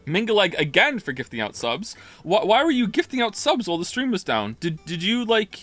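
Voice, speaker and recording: Male streamer, rambling casual chat, bright, slightly high voice. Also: very animated, fairly quick, no room sound. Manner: rambling, self-interrupting, reading chat aloud. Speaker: live streamer playing a game. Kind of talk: casual live-stream commentary.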